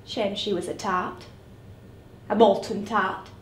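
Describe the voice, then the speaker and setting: A woman's voice: mid-range voice, fairly even intonation, a little hiss or hum, lightly acted. A woman playing a lonely grown woman, a drunk, who keeps repeating herself in a stage monologue. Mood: wistful. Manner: halting, repeats her words. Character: lonely grown woman, a drunk, waiting for her late dad. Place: theatre stage. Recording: roomy theatre heard from a distance.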